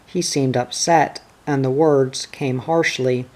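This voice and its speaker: Slow, steady audiobook reader. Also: mid-range voice. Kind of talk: reading a novel aloud.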